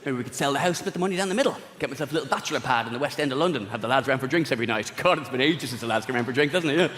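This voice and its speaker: Fast-talking male stand-up comic. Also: medium pitch, expressive, a bit bright. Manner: rapid, spiralling storytelling. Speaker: stand-up comedian. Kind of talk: stand-up comedy routine. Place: large theatre stage. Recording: echoey theatre with long reverb.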